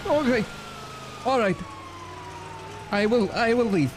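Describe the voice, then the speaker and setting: A man's voice: very high voice, lively intonation, takes it slowly, background noise, exaggerated voice. A man voicing a panicky elderly grandfather who speaks broken English, in a live-streamed game role-play. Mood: panicked. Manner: frantic, broken grammar, nervous laughs.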